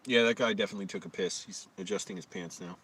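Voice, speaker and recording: A man's voice: low voice, fast, a bit bright, distant mic. A man with a scratchy voice live-streaming a rambling, amused running commentary outdoors in a park. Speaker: vlogger. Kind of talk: casual live-stream chat.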